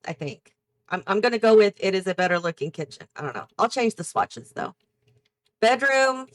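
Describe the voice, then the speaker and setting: A woman's voice: medium pitch, a bit bright, dry recording. A woman hosting a gaming channel, chatting and thinking aloud as she builds, often correcting herself. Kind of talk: casual build commentary while playing.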